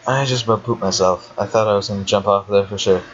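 Talking quickly with a lowish voice and fairly even intonation, a young man chats his way through a game as a let's player. He talks to himself, laughs a lot and swears now and then. It's a dull lo-fi home recording with faint hiss.

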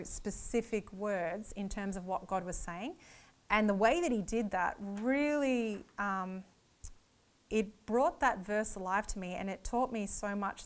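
A woman's voice: medium pitch, smooth. A woman giving a Bible teaching lecture, explaining each point earnestly and step by step.

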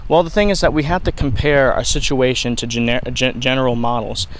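A man's voice: mid-range voice, fairly even intonation, fairly quick, rough recording. A young man explaining ideas in an unscripted video lesson, rambling with frequent restarts and fillers. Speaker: video lecturer.

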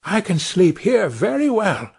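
A man's voice: big pitch swings, unhurried, vocal fry, breathy edge, heavily acted. A man reading a storybook, voicing a tiny, cheeky boy no bigger than a thumb who calls out boldly and mischievously. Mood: fretful. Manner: high, bold and mischievous, calls out loudly.

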